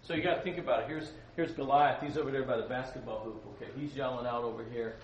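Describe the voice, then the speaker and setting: A man's voice: medium pitch, fairly even intonation, fast talker, muffled recording. A man teaching a casual Bible lesson to a youth group, joking and asking his listeners questions. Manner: playful, joking asides, asks listeners questions. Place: gym-like hall. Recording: roomy hall, distant mic, faint noise.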